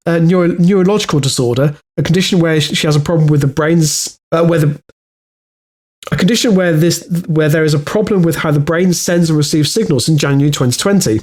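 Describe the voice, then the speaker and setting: A man's voice: a little high, darkish tone. A man with a Welsh accent co-hosting a podcast, reading news stories aloud in casual chat with many fillers and restarts. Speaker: podcast co-host.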